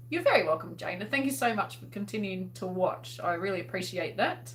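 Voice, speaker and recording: A woman's voice: mid-range voice, expressive, fairly quick, hardly any pauses, a little hiss or hum. A woman with an Australian accent hosting a casual livestream. She chats and laughs and uses lots of fillers as she answers viewers' comments. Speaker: host.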